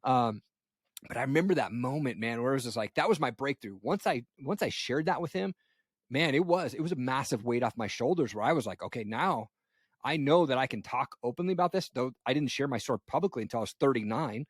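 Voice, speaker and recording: A man's voice: mid-range voice, lively intonation, fast talker, breathy edge, no echo, studio quality. A man in his forties hosting a podcast, talking in a laid-back, reflective way and often saying "man.". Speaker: podcast host. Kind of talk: casual conversation.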